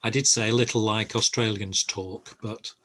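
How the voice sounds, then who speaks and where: An older man who teaches an online group language lesson over a video call and explains patiently, with many pauses. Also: fairly low pitch, fairly even intonation.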